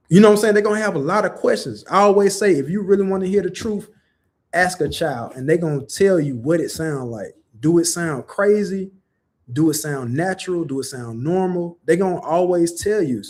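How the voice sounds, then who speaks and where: A young man offers casual religious commentary in a preaching monologue, full of rhetorical questions and "you know" fillers. His voice is a little high and a little mellow, moving at a moderate pace.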